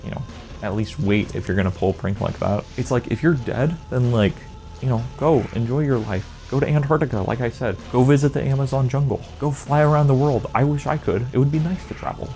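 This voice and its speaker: A man's voice: mid-range voice, fairly quick, darkish tone, soft background music. A man delivering a comedic rant monologue as a video creator, sarcastic and exasperated, with exaggerated asides. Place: indoor green-screen setup.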